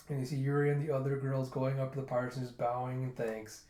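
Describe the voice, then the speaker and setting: A man's voice: mid-range voice, quick pace. Chatty man in a roomy echo. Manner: animated, laughing, switching into character voices. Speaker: manga reviewer. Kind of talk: casual read-through.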